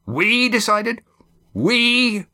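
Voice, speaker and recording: A man reading a storybook, voicing a gruff, booming middle-aged boat skipper who barks his demands. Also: a little slow, pushed and bright. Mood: demanding.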